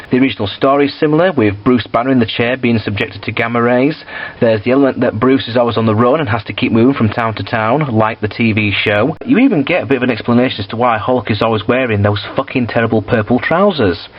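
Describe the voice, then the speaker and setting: A man's voice: mid-range voice, brisk, slightly rough, lo-fi sound. A man reviewing films in a casual, blunt and sweary way, with frequent fillers. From United Kingdom. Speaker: film reviewer.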